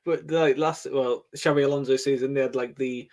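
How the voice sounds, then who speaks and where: A man co-hosting a podcast, teasing his partner with jokey banter. His voice sits at a middle pitch, easy and conversational. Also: fairly even intonation, normal speed, a little mellow. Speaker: podcast co-host. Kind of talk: casual chat.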